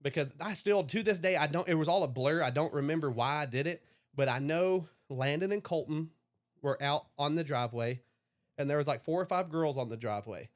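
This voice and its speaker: A man's voice: fairly high pitch, brisk. Profane, rambling storyteller man. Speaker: podcast co-host. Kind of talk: casual chat.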